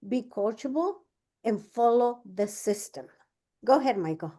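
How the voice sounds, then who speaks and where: A woman leads a casual business training, her voice sitting a little high. She tells stories with lots of fillers and restarts, acting out both sides of each conversation. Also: lively intonation, a little slow, mellow. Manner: chatty, many fillers and restarts. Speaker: business coach. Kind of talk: casual training talk with storytelling.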